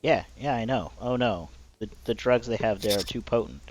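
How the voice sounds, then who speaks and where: A man's voice: medium pitch, normal speed, faint music behind. A man playing in a tabletop game who jokes around playfully. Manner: playful, joking. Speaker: player. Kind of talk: casual tabletop game play. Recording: dull lo-fi audio.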